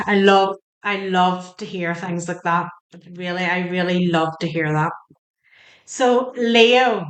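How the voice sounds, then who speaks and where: A woman's voice: fairly low pitch, slow, roomy sound. A woman giving a tarot reading, chatty and emotional, asking the cards questions aloud as she turns them. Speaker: tarot reader. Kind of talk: spoken tarot card reading.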